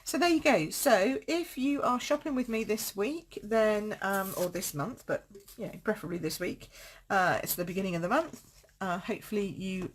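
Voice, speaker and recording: A woman's voice: mid-range voice, normal speed, slight background noise. Chatty woman demonstrating crafts. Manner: chatty, upbeat, self-mocking with frequent laughs. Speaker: card-making demonstrator. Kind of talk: live-streamed craft tutorial.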